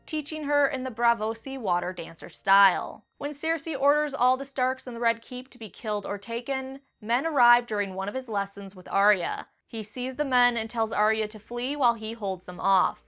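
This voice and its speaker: Excitable woman with a bright voice. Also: on the high side. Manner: excitable, swearing, dramatic voiced quotes. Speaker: book video host. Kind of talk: enthusiastic countdown commentary.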